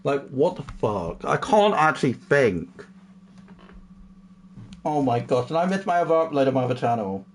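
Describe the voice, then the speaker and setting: A young male streamer speaks casually to his livestream chat in a medium-pitched voice with big swings in pitch, keeping a moderate pace and pausing often. He shifts from a somber farewell talk into exasperated outbursts full of swearing. There is slight background noise.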